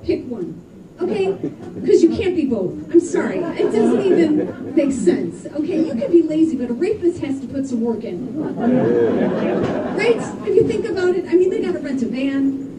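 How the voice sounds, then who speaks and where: High-voiced woman doing stand-up, echoey club. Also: normal speed. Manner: animated, exclaiming, laughing between punchlines. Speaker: stand-up comedian. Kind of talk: stand-up comedy set. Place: comedy club stage. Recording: echoey room from far off with crowd. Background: audience laughter and room noise.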